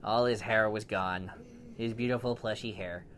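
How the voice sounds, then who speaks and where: A man improvising a bedtime story for a child, playful and animated, with big swings in loudness. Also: fairly low pitch, moderate pace, slight background noise.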